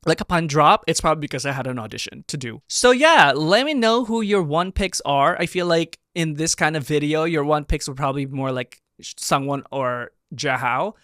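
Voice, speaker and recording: A young man hosting a reaction video, excitable and gushing, breaking into bursts of shouting and laughter as he breaks down a dance performance. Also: fairly high pitch, normal speed, hardly any pauses, dry recording, clean studio sound. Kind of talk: animated reaction commentary.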